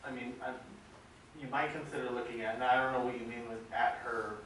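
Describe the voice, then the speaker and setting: A man's voice: mid-range voice, level tone, a little fast, a bit bright. Earnest male seminar coach, recorded from across an echoey room. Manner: earnest, asks questions and calls on people. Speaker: seminar leader. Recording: echoey room from far off with noise.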